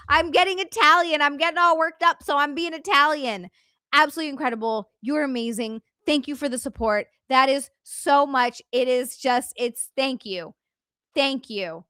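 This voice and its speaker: A woman's voice: high-pitched, moderate pace, bright, forceful tone, no room sound, studio quality. A woman hosting a casual livestream, chatting with her chat and effusively thanking viewers, giggly and bubbly. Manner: bubbly and effusive, giggly, chatty asides while navigating settings. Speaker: livestream host.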